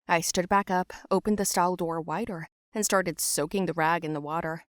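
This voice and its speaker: A young woman giving scripted first-person narration for an animated story, in a plain, matter-of-fact way. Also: fairly low pitch, moderate pace, no room sound, clean studio sound.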